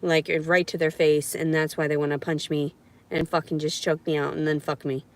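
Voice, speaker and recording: A woman's voice: sits low, flat delivery, moderate pace. A woman ranting alone to camera in a vlog, bitter and sarcastic, swearing a lot and sometimes slipping into a mocking sing-song voice. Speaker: vlogger. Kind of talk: unscripted solo vlog rant.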